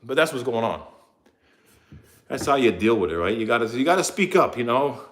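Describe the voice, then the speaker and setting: A man's voice: medium pitch, brisk. A middle-aged man ranting in a casual, rambling way to his viewers, acting out what others said. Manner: animated, rambling, acts out quotes. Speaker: vlogger.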